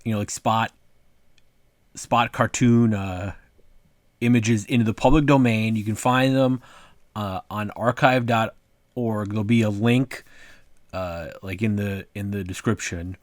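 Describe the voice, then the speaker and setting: A man's voice: fairly low pitch, fairly even intonation, a little slow, pauses often, no room sound. A man casually talking through his own cartoons, rambling and filling his talk with "like" and "uh". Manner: rambling, full of "like" and "uh" fillers. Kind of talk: casual vlog commentary.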